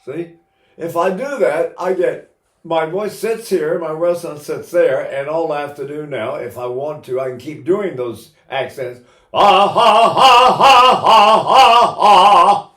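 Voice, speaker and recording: An older man teaching singing technique, explaining calmly and breaking into loud operatic vocal demonstrations. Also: fairly high pitch, unhurried, reverberant.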